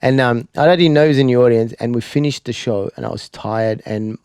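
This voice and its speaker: A man's voice: a little fast, darkish tone, clean tone, no echo, studio quality. A man co-hosting a podcast, telling stories and trading crude jokes in casual chat. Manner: crude joking storyteller, drops into a low mumble recounting being stoned. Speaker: podcast co-host and comedian.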